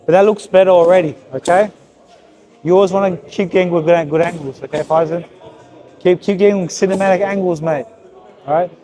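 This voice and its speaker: During a hands-on session at a boxing gym, a male coach guides a young boxer on the heavy bag with short, repeated, encouraging cues. His voice sits high, warm in tone, brisk and fairly even in intonation.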